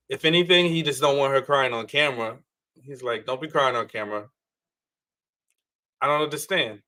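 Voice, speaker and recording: A man's voice: mid-range voice, fairly bright tone. A man commenting on a reality show in an incredulous, mocking way. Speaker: panel co-host. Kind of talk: casual commentary chat.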